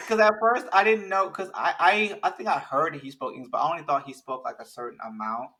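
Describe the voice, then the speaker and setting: A man talking in a casual, animated chat, rambling with many restarts. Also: fairly high pitch, brisk, few pauses, low-quality recording.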